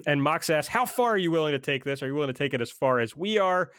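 A man's voice: fairly high pitch, animated, fast, a bit bright, no room sound, clean studio sound. A man in casual podcast chat, running through recaps steadily. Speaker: podcast co-host recapping the show.

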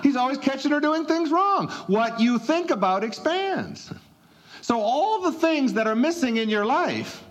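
A man giving a motivational talk in a conversational, emphatic way, chuckling between points. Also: very high-pitched. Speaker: motivational speaker.

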